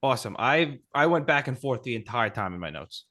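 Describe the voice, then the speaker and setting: A man's voice: mid-range voice, very animated, fairly quick, bright, forceful tone. A man in a casual podcast movie chat, throwing in dry wisecracks.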